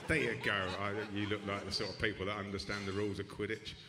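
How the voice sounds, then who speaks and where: A man's voice: lowish voice, level tone, fast. A man doing a stand-up comedy set in a club, with dry, rambling, self-deprecating asides and frequent restarts. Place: comedy club stage with live audience. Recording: echoey club room with audience noise.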